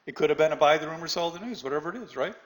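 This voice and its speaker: Animated male trading instructor. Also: a little high, rapid-fire. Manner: animated, asks the audience questions, acts out a news anchor. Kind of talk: live webinar lesson.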